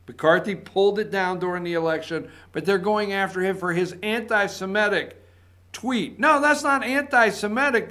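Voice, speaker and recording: A man's voice: high voice, a bit bright. A male talk show host, giving indignant political opinion commentary full of repeated points and rhetorical questions.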